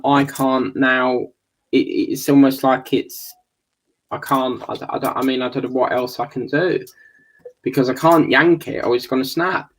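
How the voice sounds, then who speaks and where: A man with a gravelly voice, chatting casually while building a scale model kit and muttering and swearing under his breath. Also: mid-range voice, rough recording. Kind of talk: casual build video chat.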